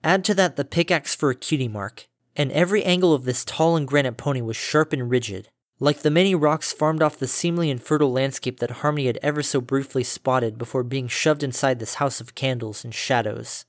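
A man's voice: medium pitch, fairly quick, dry recording, clean studio sound. Man reading a story aloud. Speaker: reader. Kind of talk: fan fiction reading.

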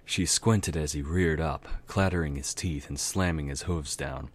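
A man reading a dark fantasy story aloud, narrating steadily and now and then correcting himself. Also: a bass voice, a little slow, husky. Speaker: amateur story reader. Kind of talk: dramatic reading of fan fiction.

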